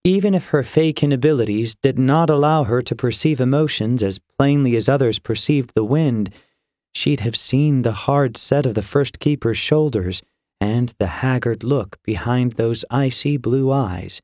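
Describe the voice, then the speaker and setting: Brief: male audiobook narrator, mid voice, measured, dry studio sound. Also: medium pitch, a little mellow, no echo. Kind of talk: scripted fantasy narration.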